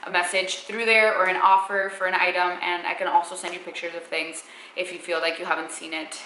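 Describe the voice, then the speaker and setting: A woman's voice: on the low side, little pitch movement, brisk, pushed and bright, echoey room, a little hiss or hum, rough recording. A young woman filming a casual clothing try-on haul at home on her camera, chatty and upbeat, full of fillers. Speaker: fashion vlogger. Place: room at home. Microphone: camera mic.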